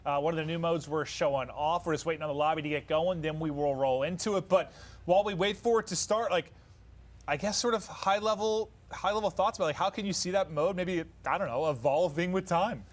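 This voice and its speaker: Quick, chatty male stream co-host. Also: on the high side. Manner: joking, chatty. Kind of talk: casual live-stream commentary.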